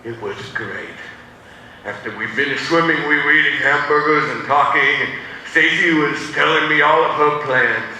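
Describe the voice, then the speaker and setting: A man's voice: on the high side, normal speed. A man pastor telling a first-person story in a sermon, acting out the voices as he goes. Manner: animated, acts out the voices in his story. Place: church sanctuary. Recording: echoey sanctuary, distant mic, faint noise.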